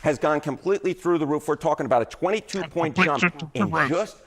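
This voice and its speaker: A man on a news broadcast walking through poll numbers in a brisk, explanatory way. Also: fairly high pitch. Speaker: polling analyst. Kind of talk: news analysis segment.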